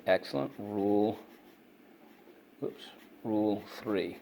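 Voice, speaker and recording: A man's voice: fairly low pitch, darkish tone. A man teaching a phonics and vocabulary lesson to children, drilling words and praising answers. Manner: brisk, repetitive drilling, prompts and praises listeners. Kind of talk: online reading lesson for kids.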